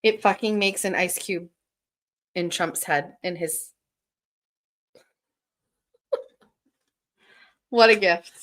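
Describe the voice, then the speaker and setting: A woman hosting a casual livestream, excitedly opening gifts and chatting to her viewers while swearing freely. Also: fairly low pitch, very slow, pauses often. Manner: excitable, swears often, laughs and gasps. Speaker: livestream host.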